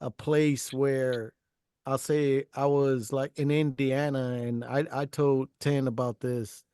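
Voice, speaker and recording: A man's voice: mid-range voice, flat delivery, slow pace, mellow, smooth, no echo, studio quality. A man hosting a casual heart-to-heart talk, earnest and encouraging, often repeating his phrases. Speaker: podcast host.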